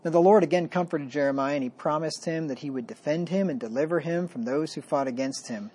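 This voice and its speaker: A man preaching a sermon, reading scripture slowly with emphasis and then explaining it in a plain, conversational way. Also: fairly high pitch, dark tone, breathy edge. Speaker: pastor.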